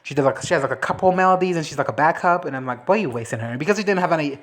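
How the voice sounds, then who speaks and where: Low-pitched woman doing a loose movie rant, swears a lot, drops into little character voices. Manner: animated, swearing, mimics characters in quick asides. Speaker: movie reviewer. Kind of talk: casual reaction chat.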